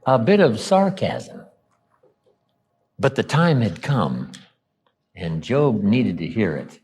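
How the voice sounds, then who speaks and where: A man delivering a motivational seminar talk in a lively voice that swings widely in pitch. He acts out the lines he quotes and uses slow, low drops to land his points. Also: slightly rough. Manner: slows down and drops low for emphasis. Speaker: motivational speaker. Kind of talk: seminar lecture.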